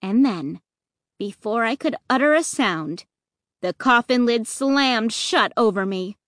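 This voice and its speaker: Slow, lively woman narrating a storybook. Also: on the high side, dry recording, clean studio sound. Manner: expressive first-person storytelling. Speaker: audiobook narrator.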